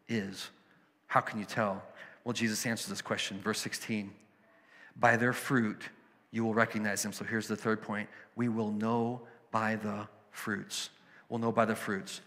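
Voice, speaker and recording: Gravelly-voiced man preaching a sermon. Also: fairly low pitch, fairly bright tone, long reverb tail. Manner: conversational, storytelling, emphatic asides. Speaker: pastor.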